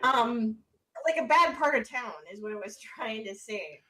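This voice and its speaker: A woman's voice: on the high side, expressive, unhurried, pushed and bright. A woman co-hosting a radio show, chatting easily and giggling often. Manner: giggly, easygoing, trails off. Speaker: radio co-host. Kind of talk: casual radio banter.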